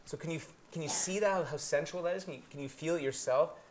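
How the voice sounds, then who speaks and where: A man's voice: on the high side, quick pace. A man from Canada giving a live presentation to an audience, earnest and searching, with many restarts.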